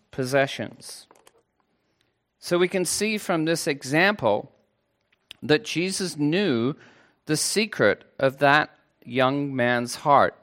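Guy preaching, fairly high voice, slow and earnest, chatty asides to the church. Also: a bit bright. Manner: earnest, unhurried, with playful asides to the congregation. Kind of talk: sermon.

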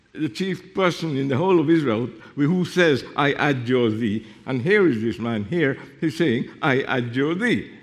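A man preaching a sermon, explaining Bible verses and reading them aloud, with sudden drops to a hushed voice. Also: medium pitch. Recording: long reverb of a hall.

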